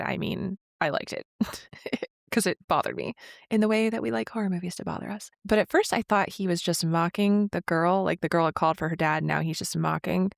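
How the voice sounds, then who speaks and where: A woman's voice: fairly low pitch, creaky, dry recording, studio quality. A woman co-hosting a podcast, casually retelling a film scene by scene with plenty of fillers. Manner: detailed plot retelling with frequent fillers. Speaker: podcast co-host. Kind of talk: casual chat recapping a film.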